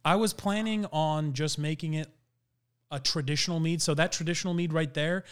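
A man with a somewhat higher voice than most walks through his hobby in loose podcast chat. He rambles, restarts his sentences and fills pauses as he goes. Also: a bit bright, clean tone. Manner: rambling, explanatory, many fillers and restarts. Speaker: guest mead maker.

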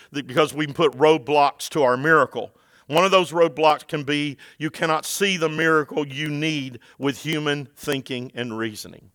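A pastor who preaches a sermon, moving from loud, shouted passages to quiet scripture reading. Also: male voice, fairly high pitch, no echo.

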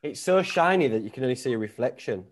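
A man's voice: mid-range voice, lively intonation, quick pace, very noisy. A man hosting a podcast, bantering casually over a video call. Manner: banterous, joking, swears casually. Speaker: podcast host.

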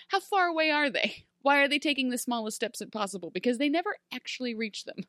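A bright, sharp-toned woman chatting about a TV show. She is animated and laughs a lot, slipping into quick mock voices for the characters. The sound is close and dry. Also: high-pitched, dry recording. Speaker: podcast co-host. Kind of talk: casual chat recapping a TV show.

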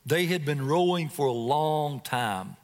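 A man with a fairly high, expressive voice speaks at a measured pace, his words echoing as if in a large room. Preaching as a guest, he dramatically retells a scripture story and puts direct questions to the congregation.

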